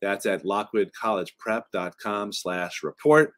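A middle-aged man with a very deep voice talks in a casual explainer style. He drops wry, offhand jokes between points and leans on "uh" and "um" as he goes. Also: expressive, measured pace, fairly bright tone. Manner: wry, offhand, jokey asides with fillers. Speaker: college admissions consultant.

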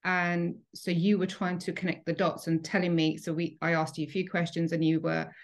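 A low-voiced woman speaks as a hypnotherapist guest on a podcast. She explains things carefully and thinks aloud, going back over her words as she goes. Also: level tone, moderate pace. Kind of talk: reflective conversational podcast chat.

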